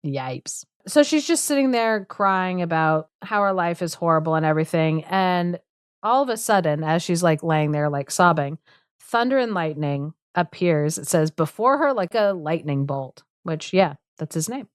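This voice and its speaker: A woman's voice: on the low side, lively intonation, normal speed, smooth, no echo, clean studio sound. A woman podcast co-host casually retelling a fairy tale, full of "like" and sarcastic asides, acting out the characters' lines. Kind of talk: casual storytelling chat.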